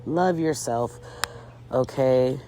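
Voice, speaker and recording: A woman's voice: a bass voice, slow pace, warm tone, a little hiss or hum. A woman recapping a reality show in casual commentary, sassy and chatty with lots of fillers, talking to her viewers as girl and ladies.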